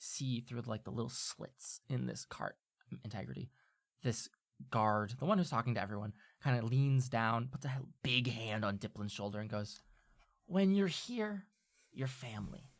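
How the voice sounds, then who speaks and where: A woman's voice: a bass voice, moderate pace. A woman narrating as game master of a tabletop game, rambling with lots of fillers.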